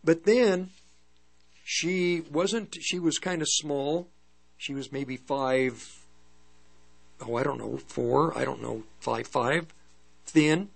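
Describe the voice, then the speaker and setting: Older guy preaching, kinda high voice, halting story, restarts a lot, hum behind. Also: vocal fry, slightly rough. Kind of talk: testimony sermon.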